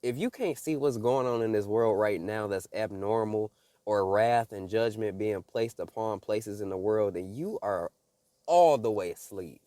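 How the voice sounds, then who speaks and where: Preachy man with a low, dry voice. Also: measured pace, mellow, no echo. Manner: preachy, urgent, addresses viewers as y'all. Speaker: religious video creator. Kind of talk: casual spiritual commentary.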